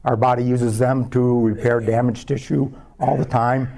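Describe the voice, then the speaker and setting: A man, a scientist, giving a public talk as a measured personal story about his research. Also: mid-range voice, flat delivery, creaky, dark tone. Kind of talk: lecture told as a personal story.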